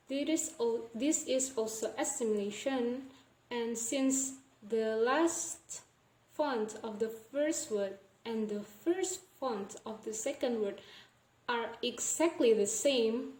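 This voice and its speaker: A young woman with an Indonesian accent explains sound changes in English at a slow, careful pace. Her voice is soft and mellow, and she says each example word more than once. The recording has a noticeable room echo. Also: fairly high pitch. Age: young adult. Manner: repeats example words slowly to demonstrate sounds. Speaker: student presenter. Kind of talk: recorded class presentation on phonology.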